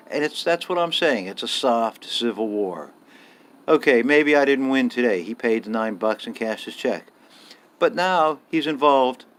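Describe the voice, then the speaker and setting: A man's voice: mid-range voice, a bit bright. An older man delivering a blunt, indignant monologue as a vlogger, swearing freely and pressing his points with rising emphasis. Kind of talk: casual ranting monologue.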